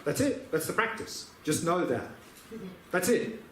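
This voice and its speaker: In a dharma teaching Q&A, a meditation teacher answers questions with patient, repeated explanations. His voice is a little high and very animated, a little slow, captured in an echoey room with faint ambience and slight background noise.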